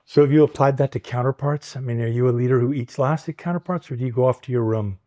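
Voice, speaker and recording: A man's voice: medium pitch, quick pace, warm tone. A man interviewing his business partner, asking pressing, insistent questions.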